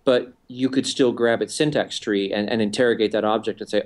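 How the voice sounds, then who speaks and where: A man's voice: on the low side, steady tone, a little fast, few pauses. A man on a podcast panel thinking aloud in casual technical discussion.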